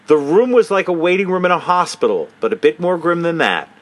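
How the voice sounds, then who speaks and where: Man, host, lively swooping voice, slightly high, mocking, casual swearing. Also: fairly quick. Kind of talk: comedic commentary, reading a statement aloud.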